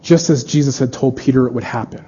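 A man's voice: mid-range voice, fast, mellow, a little hiss or hum. A man preaching a sermon in an earnest way, acting out the lines of the people in his stories. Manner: earnest, acts out quoted dialogue. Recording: dull lo-fi recording.

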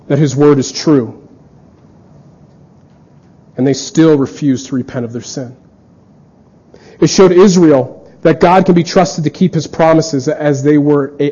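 An earnest male preacher with a fairly high, mellow voice. He delivers a sermon and acts out quoted dialogue as he goes. The recording sounds dull and lo-fi.

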